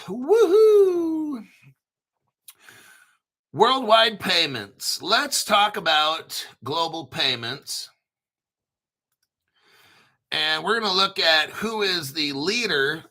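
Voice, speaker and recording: Sharp, bright-voiced man ranting on camera. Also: high-pitched, lively intonation, slow pace. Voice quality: frequent throat clearing. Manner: emphatic, repetitive, rambling, profane. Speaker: crypto channel host. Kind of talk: casual video monologue.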